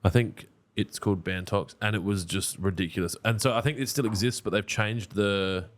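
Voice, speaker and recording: A man's voice: fairly low pitch, fairly even intonation, normal speed. A man, co-hosting a podcast in blunt, joking, casual chat. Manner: blunt, joking, swears freely. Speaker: podcast co-host.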